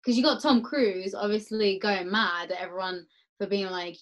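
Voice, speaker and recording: A woman's voice: mid-range voice, fairly even intonation, normal speed, poor audio. Young woman, guest in a casual chat, playful and giggly.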